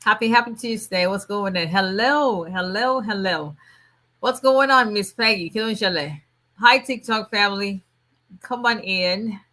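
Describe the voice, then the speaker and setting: A middle-aged woman hosts a casual livestream, greeting viewers warmly by name and chatting with frequent restarts and fillers. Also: medium pitch, a little slow. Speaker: immigration attorney hosting a livestream.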